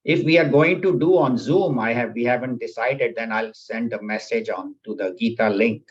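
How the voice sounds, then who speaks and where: Husky man teaching a scripture class. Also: medium pitch, normal speed, lo-fi sound. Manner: patient, repeats key points to clarify. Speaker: spiritual teacher. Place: class at a spiritual center, also on video call.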